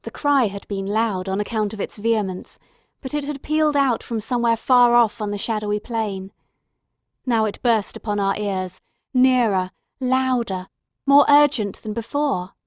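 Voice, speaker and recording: A woman giving steady, dramatic scripted narration of an audiobook. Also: a little high, normal speed, no room sound, studio quality.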